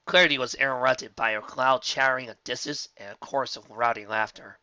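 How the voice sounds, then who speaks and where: A reader narrating a fan story aloud, lively storybook delivery. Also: medium pitch, brisk, few pauses, no room sound, muffled recording.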